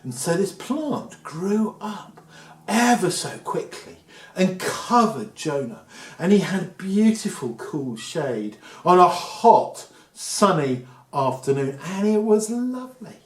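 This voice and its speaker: Man telling a kids story, slow and playful, echoey room. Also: sits high. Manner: animated, playful. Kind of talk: storytelling for children.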